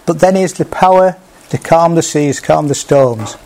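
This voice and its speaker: A man gives a sermon in an easygoing, conversational manner, pausing and restarting as he goes. His voice sits a little high for a man. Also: darkish tone, slight background noise. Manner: conversational, with small restarts, acts out quoted speech. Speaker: preacher.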